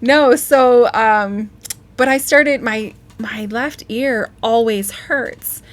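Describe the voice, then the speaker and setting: A woman's voice: a little high, very slow. A woman co-hosting a casual live stream, telling rambling stories and laughing often. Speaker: co-host, singer.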